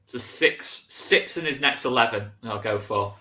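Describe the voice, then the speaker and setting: A man's voice: mid-range voice, a little slow, pushed and bright. A man hosting a casual football podcast chat, chatty, often saying "to be fair". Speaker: host.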